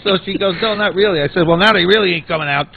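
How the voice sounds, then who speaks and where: A man's voice: high-pitched, very fast, vocal fry. A man telling stories in casual talk-radio banter, laughing often as he talks. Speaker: radio show regular. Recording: phone-like radio broadcast.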